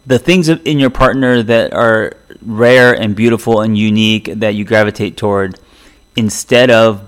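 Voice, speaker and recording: A middle-aged man hosting a solo podcast as a therapist, talking in a loose, reflective way with many restarts. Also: on the low side. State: choking up from a drink.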